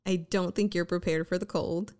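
A woman's voice: fairly low pitch, steady tone, moderate pace, darkish tone. A young woman co-hosting a casual chat, blunt and playful, often laughing. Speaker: podcast co-host.

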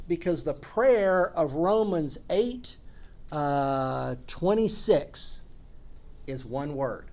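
A man's voice: high-pitched, darkish tone. A man preaching a sermon as a pastor, earnest and emphatic, building his points through repeated phrases.

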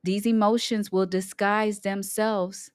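A middle-aged woman, an emotional intelligence coach, talking on her own podcast, unhurried, repeating her points for emphasis. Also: medium pitch, level tone, clear, resonant tone, no echo, clean studio sound. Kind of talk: solo podcast talk.

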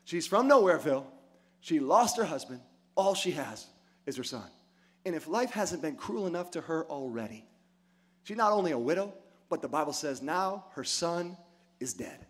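A man preaching a sermon in a rhythmic, repeating cadence, rising from hushed storytelling to loud, fervent delivery. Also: fairly high pitch, very animated, normal speed. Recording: music playing behind the voice.

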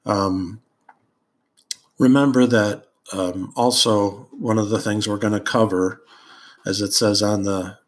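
A man's voice: lowish voice, fairly even intonation, slow pace. A man hosting a podcast, telling a childhood story in a rambling, amused way with many ums and uhs. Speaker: podcast host. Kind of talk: casual storytelling monologue.

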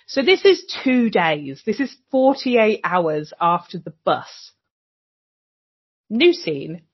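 Animated woman, husky and lo-fi. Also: mid-range voice. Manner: animated, acts out characters' lines, swears freely. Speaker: podcast co-host. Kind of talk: casual recap chat. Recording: dull lo-fi sound.

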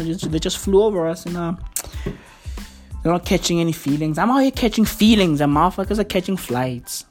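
A woman ranting profanely into a microphone, full of slang, swearing and loud laughter at her own jokes. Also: on the low side. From South Africa.

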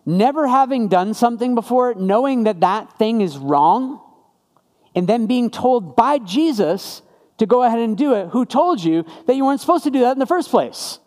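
A man's voice: extremely high pitch, expressive, normal speed, darkish tone, big-room sound. A man preaching a sermon in a conversational way, piling up rhetorical questions. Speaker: pastor.

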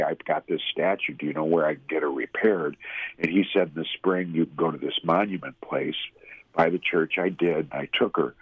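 A middle-aged man, a radio personality, telling a personal faith story in a halting, heartfelt way. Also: sits low, husky, dry recording, phone-quality sound. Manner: halting storytelling with restarts, emotional. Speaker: guest, former radio host. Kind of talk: personal testimony in an interview.

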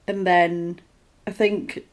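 A woman in casual conversation, retelling a film's plot with animated bits of acted dialogue. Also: on the low side. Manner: animated retelling, acts out lines in quick put-on voices; conversational, with fillers and restarts. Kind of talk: casual film recap chat.

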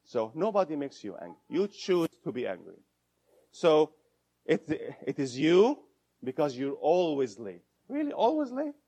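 A man teaching a room of listeners, speaking at a slow, deliberate pace. His voice sits a little higher than most men's. He repeats key points and stops to quiz the audience. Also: sing-song, dark tone. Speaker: instructor. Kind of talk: interactive lecture to an audience.

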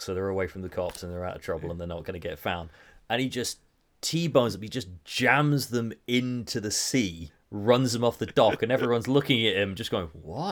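A young man casually talking through film scenes on a podcast, chatty with quick asides. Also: lowish voice. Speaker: podcast host.

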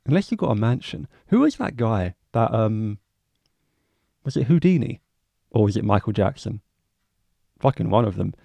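A man's voice: on the low side, sing-song, moderate pace, gravelly, long pauses, dark tone, no room sound. A young man hosting a casual solo podcast, rambling, swearing freely and joking at his own expense. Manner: rambling, swears freely, self-mocking asides. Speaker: podcast host.

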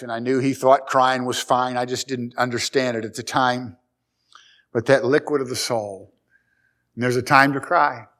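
A middle-aged man preaching a sermon, folksy and storytelling, swinging between loud and quiet. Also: medium pitch. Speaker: pastor.

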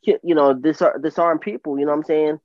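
A man's voice: a little high, fairly even intonation, quick pace, over a noisy crowd. A man hosting a casual podcast chat, enthusiastic, laughing often and restarting his sentences. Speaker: podcast host. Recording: dull, dry lo-fi sound.

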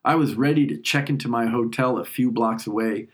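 Reflective man narrating his own story. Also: mid-range voice. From New York. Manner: reflective, emotional, unhurried. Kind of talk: first-person story narration.

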